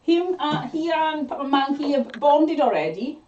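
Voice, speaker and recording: A woman's voice: high-pitched, expressive, measured pace, a little mellow, muffled recording, slight background noise. A British woman co-hosting a live show, fondly reading out viewer comments and showing gifts. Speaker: co-host of a live mudlarking show. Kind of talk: casual live-stream chat.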